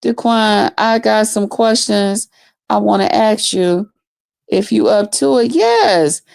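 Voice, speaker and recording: A woman's voice: mid-range voice, expressive, slow, gravelly, a little mellow. A woman ranting profanely on a livestream, cursing heavily and trash-talking as she repeats herself. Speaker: livestream host.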